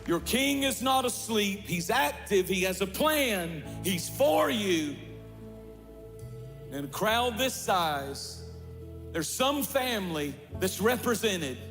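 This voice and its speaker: Man, pastor, high voice, slow deliberate delivery, impassioned sermon, echoing church hall. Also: lively intonation, soft background music. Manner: impassioned, shouting at peaks, storytelling. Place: large church.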